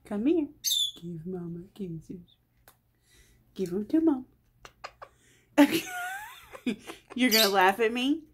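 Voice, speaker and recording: A woman's voice: mid-range voice, lively intonation, measured pace, pauses often, background noise. A woman filming her pet cockatoo on a phone at home, scolding it and cooing at it in playful baby talk. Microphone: phone held in hand.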